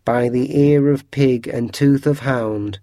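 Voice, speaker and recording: A man's voice: mid-range voice, fairly even intonation, slow, warm tone, dry recording, clean studio sound. A man voicing a frightened old housekeeper woman, muttering fearfully in a storybook reading.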